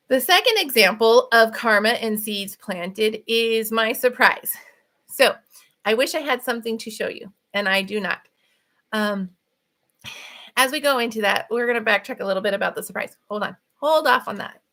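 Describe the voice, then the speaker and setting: A middle-aged woman hosting a casual spiritual talk, talking fast and animated, laughing often. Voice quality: voice runs high. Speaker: author and podcast host.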